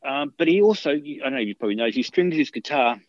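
A man's voice: medium pitch, animated, fast talker, no room sound, lo-fi sound. A man, a guitarist, telling long casual anecdotes in an interview, full of restarts and fillers. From Australia. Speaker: guitarist guest.

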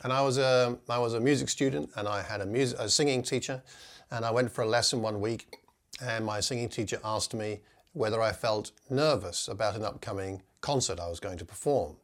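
A man teaching a class on preaching, speaking in an earnest, encouraging way and slowing down to read scripture passages aloud in a measured voice. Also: lowish voice. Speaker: preaching instructor. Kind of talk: teaching talk with scripture reading.

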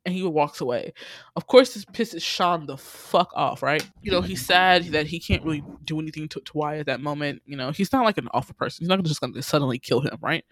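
Animated podcast host, bright dry sound. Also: medium pitch, a little fast, no echo. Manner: animated retelling, acts out characters' lines, frequent laughs and swearing. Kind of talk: casual recap chat.

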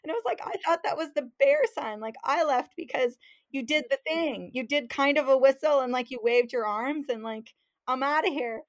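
Woman guest, lively storyteller, slightly high voice, acts out the dialogue. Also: normal speed. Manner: animated, acts out quotes, laughs while telling. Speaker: fishing guide, podcast guest. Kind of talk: casual storytelling.

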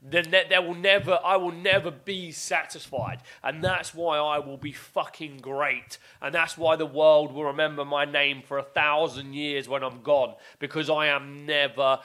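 Male podcast host, pitched a bit high, forceful and bright, swearing motivational rant. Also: fairly even intonation, measured pace, few pauses. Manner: intense, swearing, repetitive exhortations; loud, shifting from shouts to low emphatic lines. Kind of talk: motivational monologue.

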